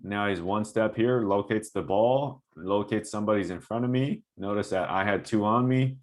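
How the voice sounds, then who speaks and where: A man's voice: fairly low pitch, normal speed. A man who coaches basketball talks through game footage casually, asking "right?" often to check that the viewer is following. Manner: animated, coaching asides with frequent "right?". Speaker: basketball trainer breaking down game film. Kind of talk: casual film-breakdown commentary.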